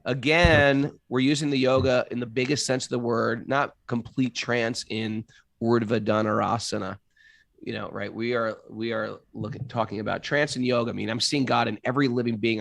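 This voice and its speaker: A man's voice: moderate pace, vocal fry, dry recording. A man co-hosting a spiritual discussion, talking animatedly and reading scripture aloud. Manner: animated, jumps into high mock voices for quoted catchphrases. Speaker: podcast co-host reading scripture.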